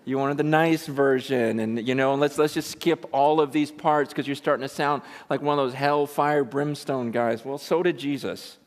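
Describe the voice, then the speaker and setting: A man's voice: medium pitch, fairly even intonation, normal speed, few pauses. A man preaching a sermon in a church, emphatic and full of rhetorical questions to his congregation. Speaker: pastor. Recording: echoey hall, preached live.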